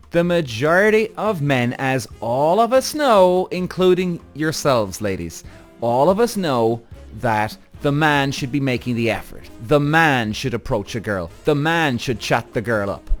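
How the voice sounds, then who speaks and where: A man hosting a podcast, telling a story in an animated, swearing rant aimed straight at his listeners. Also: on the high side, a little slow, soft background music. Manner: animated, addresses audience directly, frequent swearing and acted-out quotes. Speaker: podcast host.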